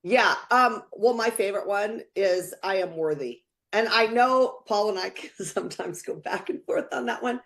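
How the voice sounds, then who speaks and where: A woman co-hosting a motivational podcast, speaking earnestly and from the heart, with many fillers. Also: on the low side. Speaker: podcast co-host. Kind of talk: casual motivational chat.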